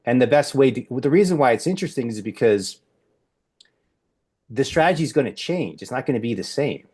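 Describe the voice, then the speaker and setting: A man's voice: medium pitch, lively intonation, brisk, a little mellow, slightly rough. A man hosting a podcast discussion, talking in a rambling way with many restarts and fillers. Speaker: podcast host. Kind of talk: casual group discussion.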